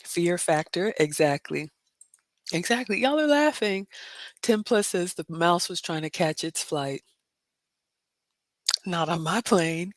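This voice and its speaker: A woman hosting a casual livestream, reading viewer comments and telling a story with loud exclamations and hushed asides. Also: on the low side, expressive, takes it slowly, long pauses, no room sound. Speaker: livestream host.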